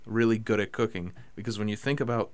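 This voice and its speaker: Young male podcast host, slightly low voice, rambling casual delivery. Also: fast talker, clear, resonant tone. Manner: rambling, excitable, lots of fillers. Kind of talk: casual chat.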